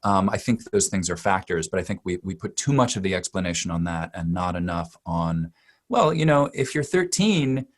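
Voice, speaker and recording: Guy in his 40s, dialect coach, slightly low voice, talks it through slowly with lots of ums and restarts. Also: animated. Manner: thoughtful, with many fillers and restarts. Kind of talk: conversational interview answer.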